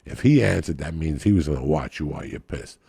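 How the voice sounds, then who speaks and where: A man telling crude, profane comic stories on a podcast in a rambling, raucous way, with a gravelly, raspy voice. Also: extremely low pitch, animated, fast talker, dark tone, no echo. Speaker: podcast guest.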